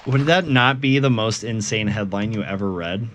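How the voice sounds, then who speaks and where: A young man rambles to his stream chat while gaming, amused and profane, breaking into laughs at his own tangents. His voice sits on the low side, with a faint hum of room ambience behind him. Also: moderate pace, fairly bright tone.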